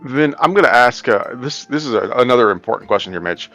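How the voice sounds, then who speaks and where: A man's voice: medium pitch, expressive, fast, a bit bright, soft background music. A man playing a tabletop game, methodically thinking aloud as he checks how the rules work. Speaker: player. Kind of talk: casual chat at a tabletop game.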